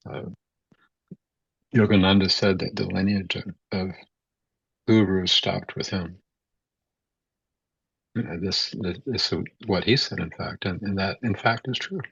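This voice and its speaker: A man giving a spiritual talk as a teacher, speaking haltingly with many repeated words and fillers. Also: deep voice, fairly even intonation, creaky, fairly bright tone, breathy edge, dry recording. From United States. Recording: dull, dry, lo-fi sound.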